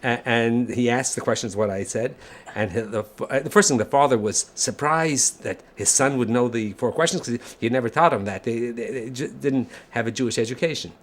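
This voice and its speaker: An older man reminiscing about family, telling stories in a halting way with chuckles. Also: medium pitch. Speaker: family storyteller. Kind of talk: casual reminiscing.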